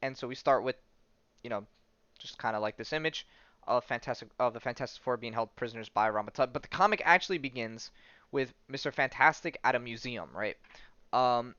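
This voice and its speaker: A man's voice: mid-range voice, normal speed, sharp tone, clean tone, no room sound, dull audio. A man hosting a podcast, casually recapping a comic, chatty and full of "right?" and "like", often laughing. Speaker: podcast host.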